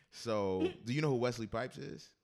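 A man's voice: mid-range voice, a little mellow. A man hosting a casual podcast chat, joking around, laughing and reading out quotes. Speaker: podcast host.

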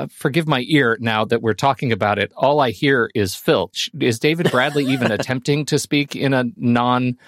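Podcast co-host, male, halting and thoughtful, dry mic. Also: mid-range voice, no echo. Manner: halting, many restarts. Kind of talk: casual film discussion.

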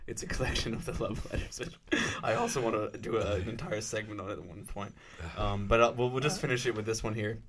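A man's voice: fairly low pitch, animated, quick pace, hardly any pauses, crowd noise. A man co-hosting a podcast, leading the segment in casual chat and chuckling often. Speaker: podcast co-host.

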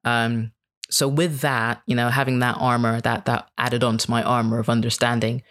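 A woman's voice: extremely low pitch, flat delivery, moderate pace, a bit bright. Reflective woman, British-leaning accent. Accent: mostly British with slight American twang. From Kenya. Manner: reflective, many fillers, laughs easily. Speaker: podcast guest. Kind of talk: casual podcast interview.

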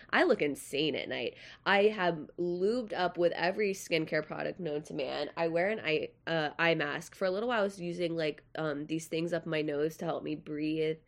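A young woman hosting a podcast in casual, chatty, self-deprecating talk, with a nasal voice. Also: sits low. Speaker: podcast host.

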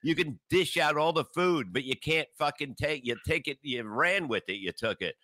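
A man's voice: fairly high pitch, lively intonation, normal speed, pushed and bright, no room sound, studio quality. A man co-hosting a podcast, ranting heatedly and swearing a lot in casual banter. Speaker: podcast host.

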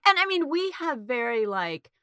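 A woman's voice: sits high, very animated, normal speed, a bit bright, smooth, dry recording. A woman in casual conversation, thoughtful and reflective, with lots of fillers as she talks through an idea. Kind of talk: casual chat.

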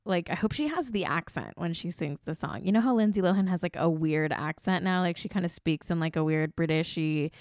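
A woman's voice: on the low side, fairly quick, few pauses, a little mellow, no echo, clean studio sound. A woman hosting a casual pop-culture podcast, chatty and gushing, laughing often between remarks. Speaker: podcast host.

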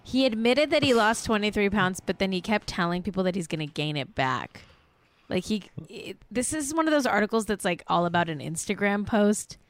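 A woman hosting a podcast, animated and gossipy in casual chat, laughing easily. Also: medium pitch, a little fast, no echo. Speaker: podcast host.

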